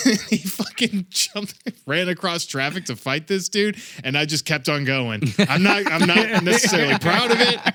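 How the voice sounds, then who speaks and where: A man's voice: high-pitched, animated, moderate pace, hardly any pauses, sharp tone. A man co-hosting a podcast, telling a crude story in a rambling, swearing way and laughing as he goes. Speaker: podcast co-host. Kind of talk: casual comedic storytelling.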